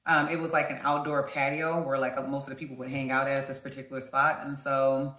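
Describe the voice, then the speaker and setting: A woman vlogger telling a dating story in an animated way, talking straight to her viewers. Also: a bass voice, fast talker. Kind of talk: storytime vlog. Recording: roomy echo.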